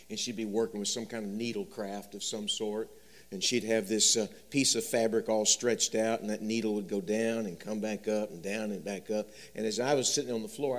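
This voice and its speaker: Storytelling preacher swinging loud to soft. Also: male voice, fairly low pitch. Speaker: pastor. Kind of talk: sermon.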